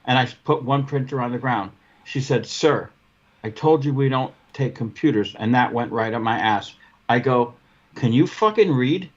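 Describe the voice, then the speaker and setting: A podcast co-host swears freely while telling stories, acting out both sides of his run-ins and arguments in casual chat. He speaks at a steady, medium pitch and normal speed. The audio is dull, lo-fi podcast sound.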